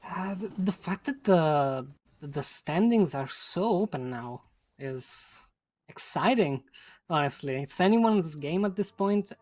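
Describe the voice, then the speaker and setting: A woman co-casting a live esports tournament, adding relaxed, giggly analysis of plays and strategy. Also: on the low side, takes it slowly, no echo. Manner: laid-back, giggly, analytical asides. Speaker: co-caster. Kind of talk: live esports color commentary.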